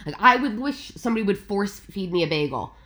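A woman's voice: medium pitch, expressive, brisk, a bit bright. A young woman with a New York accent chatting as a guest over a video call, rambling with constant filler words. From United States. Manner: rambling, heavy "like" filler, acts out quotes. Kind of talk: casual video-call chat.

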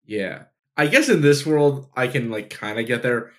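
A man's voice: medium pitch, expressive, moderate pace, a bit bright. Male co-host, laid-back recapper, mid-range voice. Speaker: podcast co-host. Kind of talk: casual chat.

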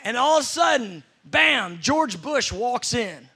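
A man's voice: very high voice, lively intonation, unhurried, sharp tone, slightly rough. A man preaching a sermon, telling stories with playful acted-out scenes.

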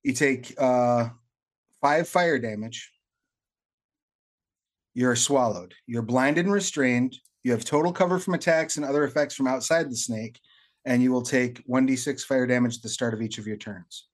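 A man narrating as game master of a tabletop game, giving rulings in a measured, deliberate way. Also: mid-range voice.

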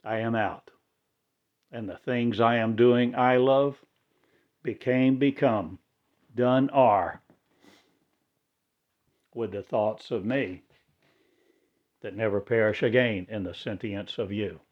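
A man delivering a rambling spiritual monologue in halting, oddly inverted phrasing. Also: fairly low pitch, dull audio.

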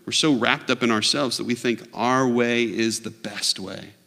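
A man preaching a sermon in a church, earnest, dropping low and quiet, then rising to loud mock shouts. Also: fairly even intonation, moderate pace, vocal fry. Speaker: pastor. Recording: long reverb of a large hall.

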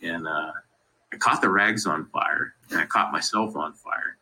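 Low, husky guy from colorado, rambly, laughs telling stories about his kids, bright edge. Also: a little slow, low-quality recording. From Colorado, USA. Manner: rambling, leans on "you know" constantly; laughs through funny family stories. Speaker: podcast guest. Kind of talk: casual interview storytelling.

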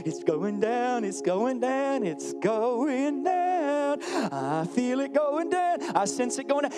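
A man's voice: very high-pitched, very animated, slow pace, few pauses. A man preaching a sermon, acting out voices and repeating phrases for effect. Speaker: pastor. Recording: faint music behind.

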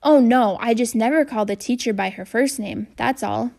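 A woman's voice: fairly high pitch, moderate pace, gravelly, a little mellow. A woman voicing a nervous new schoolboy who talks earnestly and gets flustered, in a children's audiobook. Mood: shy. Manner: earnest, flustered, voice raised a little.

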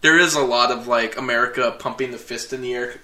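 A man's voice: medium pitch, fairly even intonation, a little fast, pushed and bright, far from the mic. A man co-hosting a casual chat about movies, rambling with many fillers and laughing often, a bit away from the mic. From Minnesota. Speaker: podcast co-host. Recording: echoey room, a bit off mic.

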